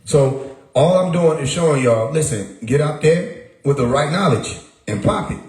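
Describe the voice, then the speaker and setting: A livestream host with a fairly high, darkish voice talks animatedly at a moderate pace in a room that echoes. In his casual monologue he stresses points hard, repeats words and throws out rhetorical questions.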